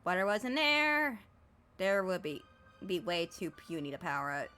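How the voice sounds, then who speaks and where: A woman's voice: fairly low pitch, normal speed, clean tone, faint music behind. A woman streamer reading a game's text aloud and joking about it as she plays. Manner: animated, jokey, mocks the game text. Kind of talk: reading game text aloud with playful commentary.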